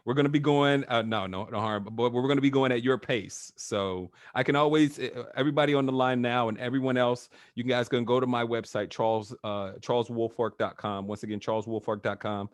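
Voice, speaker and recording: A man's voice: medium pitch, brisk, hardly any pauses, no room sound. A man working as a coach who talks in a casual, chatty way, with filler words and frequent laughs, over a video call. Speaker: NLP trainer, guest.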